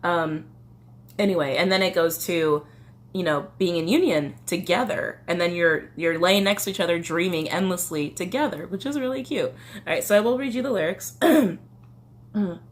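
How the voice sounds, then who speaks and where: A woman's voice: on the low side, normal speed. A woman chatting casually through a tarot reading, with a slight cough and a loose, swearing manner. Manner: chatty, swearing, reads song lyrics aloud. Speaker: tarot reader.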